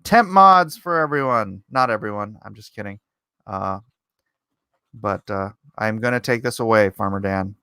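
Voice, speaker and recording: A man's voice: on the low side, moderate pace, bright, forceful tone, clean tone, no room sound, studio quality. A man hosting a casual livestream, reading viewer comments aloud and chatting back in a rambling, self-deprecating way. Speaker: livestream host.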